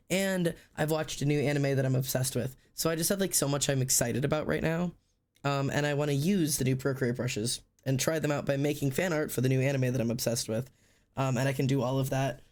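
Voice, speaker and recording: A slightly mellow man with a sore throat chats casually on a livestream while drawing. He rambles and swears freely, keeping his delivery deliberately low-energy.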